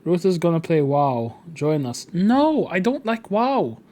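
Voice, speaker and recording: A man's voice: fairly high pitch, big pitch swings, unhurried, a little mellow. A young man streaming a game, chatting casually and reading its text aloud, swearing now and then. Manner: casual, swears, reads in a rush.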